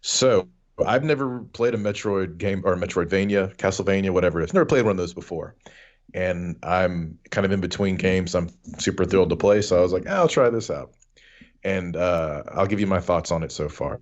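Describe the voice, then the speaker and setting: A man co-hosting a video game podcast, chatting casually with wry, deadpan humor. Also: low voice, normal speed, lo-fi sound. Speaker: podcast co-host. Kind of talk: casual chat.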